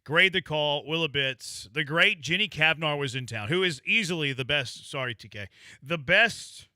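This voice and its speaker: A man's voice: fairly high pitch, lively intonation, moderate pace, pushed and bright, no echo. A man hosting a sports radio show, joking and playful in casual banter with his co-hosts.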